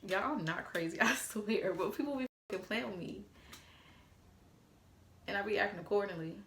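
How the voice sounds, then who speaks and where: A woman telling a casual storytime on her phone, animated and swearing freely as she quotes text messages aloud. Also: medium pitch, moderate pace, echoey room, noisy background. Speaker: vlogger.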